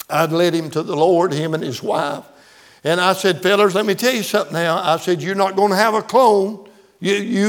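An older man, a pastor, telling stories in a sermon in a folksy way, often stumbling over and repeating words. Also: high voice.

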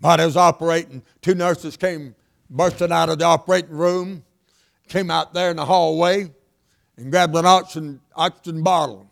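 Gravelly older preacher. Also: male voice, fairly high pitch, steady tone, normal speed. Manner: emphatic, repetitive preaching with sudden loud and hushed lines. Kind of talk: sermon.

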